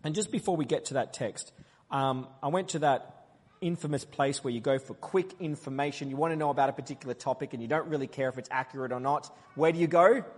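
A man's voice: mid-range voice, quick pace. A man preaching a sermon, playfully quizzing his congregation and calling out their answers. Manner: playful, quizzing the crowd, loud call-and-response. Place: church hall. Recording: long hall reverb.

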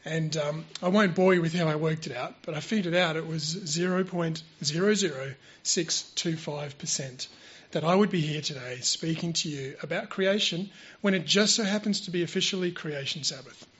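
A man talks to a church gathering in an unpolished, conversational way, pausing on fillers and correcting himself as he goes. His voice sits a little high and sounds husky. The recording is dull and lo-fi, with the microphone held close. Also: a bit bright. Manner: informal, hesitant with fillers and restarts. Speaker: guest church speaker. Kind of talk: church presentation. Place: church hall. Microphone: handheld microphone held close.

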